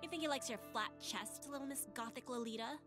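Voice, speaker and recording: A woman's voice: a little high, fast talker, music in the background, natural voice. A woman voicing a mocking, trouble-stirring young coworker in a game, taunting and sneering. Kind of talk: game character voice acting.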